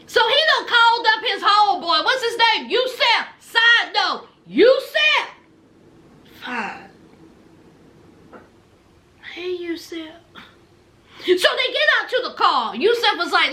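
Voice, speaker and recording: Sassy high-voiced woman recapping. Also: big pitch swings, slow pace, pauses often, pushed and bright. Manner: sassy, chatty, laughs at her own jokes. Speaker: reality show recapper. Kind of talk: casual commentary.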